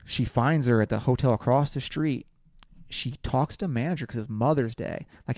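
A man co-hosting a casual talk show, telling a story with lively acted-out quotes and casual swearing. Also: medium pitch, moderate pace, dry recording, studio quality. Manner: animated storytelling, acts out quotes, swears, says bro. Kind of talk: casual chat.

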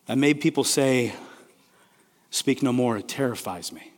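A man preaching a sermon, swinging between loud emphatic declarations and hushed, quiet passages. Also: medium pitch, normal speed. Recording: long hall reverb.

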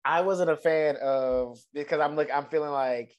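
A man co-hosting a podcast in casual chat, blunt and animated, swearing freely as he rants. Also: fairly high pitch, normal speed, lo-fi sound. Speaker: podcast co-host.

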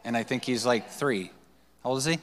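In a church sanctuary, a male pastor preaches a sermon, loosely and conversationally telling personal stories with fillers and restarts. His mid-range voice moves fairly quickly, and a long hall reverb surrounds it.

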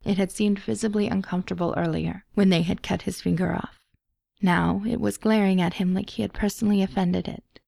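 A woman reading a story aloud as an audiobook narrator, in a measured storytelling manner. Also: medium pitch, steady tone, gravelly, a little mellow, no echo, studio quality. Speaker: podfic reader.

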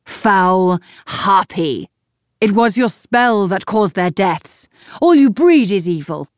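A woman's voice: mid-range voice, sing-song, unhurried, darkish tone, no echo, clean studio sound, voice pushed up. A woman narrator voicing an aging, bitter king who speaks harshly and gives commands. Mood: raging. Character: aging, angry, bitter king, older man.

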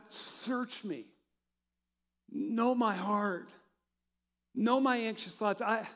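Male pastor, high voice, sermon with rhetorical questions, reverberant hall sound. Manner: preaches with rhetorical questions, swings from loud to quiet.

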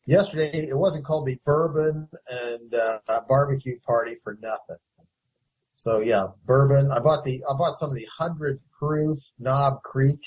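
A man co-hosting a podcast, telling a rambling, relaxed story. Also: medium pitch, measured pace, breathy edge, poor audio. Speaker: podcast co-host. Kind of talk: casual chat.

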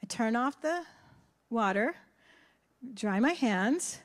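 High-voiced grandmother telling a sermon story. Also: slow. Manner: animated, acts out conversations in voices. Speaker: church speaker.

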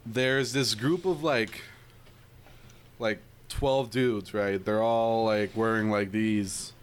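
A young man telling a rambling story in casual chat with friends, full of fillers and shrill impressions of other people. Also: fairly even intonation, takes it slowly, smooth.

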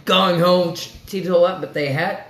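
A man co-hosting a casual podcast chat, telling loud, profane, joking stories. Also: sits high, steady tone, normal speed. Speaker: podcast co-host. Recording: echoey room.

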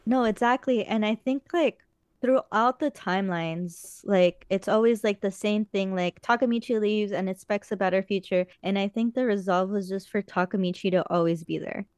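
A woman's voice: medium pitch, normal speed, darkish tone, smooth, no echo, studio quality. A woman chatting casually as a podcast co-host, rambling earnestly with many fillers. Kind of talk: casual chat.

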